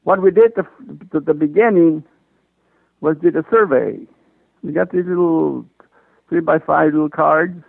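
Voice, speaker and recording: Gravelly older man on tinny tape. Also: fairly high pitch, unhurried, long pauses, no echo. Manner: recounts events by acting out remembered dialogue. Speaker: interviewee. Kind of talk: oral history storytelling.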